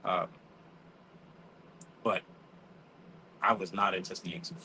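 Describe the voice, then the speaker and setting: A man's voice: low voice, steady tone, slow pace, sharp tone, slight background noise, poor audio. A man, telling stories in casual chat, acting out quotes and swearing freely. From New York. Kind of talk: casual storytelling.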